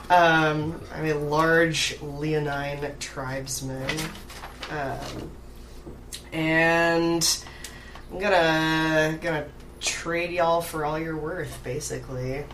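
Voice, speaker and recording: A woman with a low, unhurried voice describes her character at a gaming table, playful and a little nervous. A steady noise runs underneath the recording. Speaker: player.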